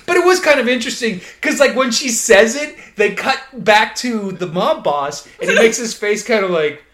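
A bright, animated podcast co-host whose pitch swings a lot as they talk. They sound wry and swear freely while acting out characters, and the voice rings in an echoey room. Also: moderate pace. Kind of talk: casual movie-review chat.

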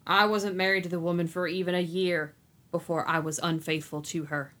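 Woman reading as a remorseful man who wields magic, slow, stern, low, soft. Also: steady tone, lightly acted. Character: weary, guilt-ridden male sorcerer, grown man.

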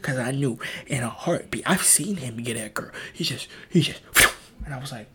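A man's voice: medium pitch, lively intonation, moderate pace, heavy background noise. A young man hosting a podcast, rambling in casual chat with frequent stammering restarts. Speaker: podcast host.

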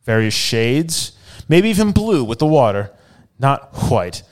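A man's voice: medium pitch, sing-song, measured pace. A man co-hosting a podcast at a live theater show, recapping a movie in a sarcastic, profane, joking way. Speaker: podcast co-host.

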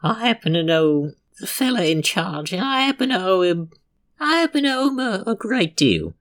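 A player voicing a steely frontier bouncer, calm and measured. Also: mid-range voice, voice pushed up. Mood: cool threat.

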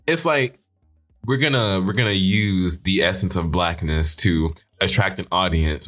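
Man, low voice, sarcastic rant, swearing, faint music behind. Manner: animated, sarcastic, swearing, quick pitch swings. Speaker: show host. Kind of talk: casual commentary.

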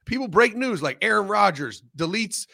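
A man's voice: high-pitched, animated, moderate pace, vocal fry, sharp tone. A man speaking as a guest on a sports show, blunt and opinionated, swearing a lot. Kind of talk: casual sports talk.

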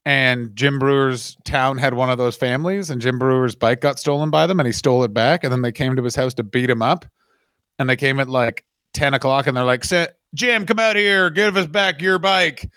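A man co-hosting a comedy podcast, teasing his partner and telling stories with deadpan jabs. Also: mid-range voice, a little fast, dry recording, studio quality. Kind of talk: casual comedic chat.

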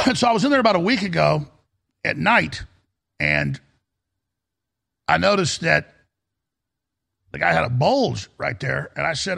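A man's voice: fairly high pitch, lively intonation, a little slow, pauses often, pushed and bright. A middle-aged man hosting a talk radio show, telling rambling stories in an emphatic manner. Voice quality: gravelly, raspy.

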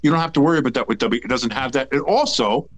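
Casting: male sports podcast co-host, mid-pitch, rambling and jokey. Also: fast. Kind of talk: casual sports chat.

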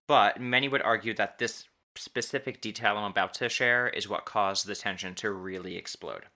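A man with a fairly low but bright, forward voice tells a true story to a co-host. He talks casually, often restarting sentences and drawing out key words for weight. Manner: halting, restarts and stretched emphasis on key words.

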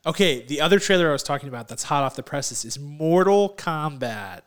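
A man co-hosting a podcast in casual chat, excitable, often laughing and saying "like" a lot, on a remote call. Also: fairly high pitch, a little fast, smooth. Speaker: podcast co-host.

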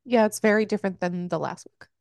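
A woman's voice: mid-range voice, fast, vocal fry, darkish tone, no echo, studio quality. A woman co-hosting a casual book-club podcast, blunt and swearing, laughing along with her co-host.

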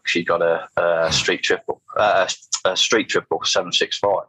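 A man's voice: deep voice, fairly even intonation, normal speed, bright, forceful tone, husky, dry recording, rough recording. A middle-aged man, telling his story as an interview guest in a rambling way. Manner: rambling, anecdotal, frequent restarts and fillers. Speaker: guest, motorcycle test rider.

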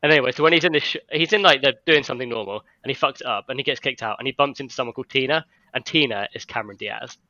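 A man's voice: medium pitch, rapid-fire, hardly any pauses, pushed and bright, no room sound, muffled recording. A man in casual chat with friends, retelling a film plot in a rambling way with lots of "like". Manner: rambling storytelling, heavy use of "like".

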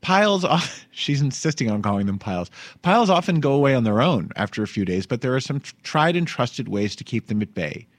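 A man's voice: mid-range voice, sing-song, a little fast, no echo. A man, hosting a comedic news podcast in a chatty, wry way and laughing as he talks. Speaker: podcast host. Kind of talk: casual comedic news chat.

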